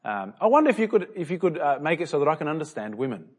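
A man's voice: a little high, very fast, breathy edge. A man voicing an eager, bumbling old man who stammers as he makes his wishes. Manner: stammering, excited.

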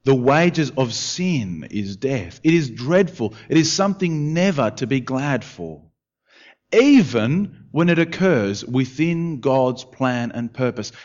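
A man preaching a sermon, sinking to hushed words and climbing to urgent questions. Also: mid-range voice, slow, muffled recording. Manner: expressive preaching, dropping to hushed tones and rising to urgent questions. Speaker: pastor.

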